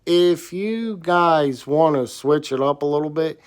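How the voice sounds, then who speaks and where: A man telling a rambling, excitable story about buying a flashlight. He sounds slightly hoarse and repeats himself often. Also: fairly high pitch, unhurried. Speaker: gear reviewer. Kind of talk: casual storytelling vlog.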